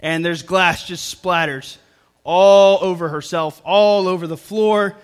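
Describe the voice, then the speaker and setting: A young man with a fairly high voice preaches a sermon to his congregation during a church service. His delivery is earnest, slow and smooth, with fairly even intonation, and he keeps returning to the same phrases to hammer each point home.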